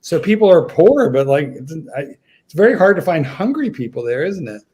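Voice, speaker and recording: A dog trainer chats on a livestream panel over a video call, telling stories in a rambling way with frequent restarts. His voice is a little high, mellow and slightly rough, very animated, at normal speed.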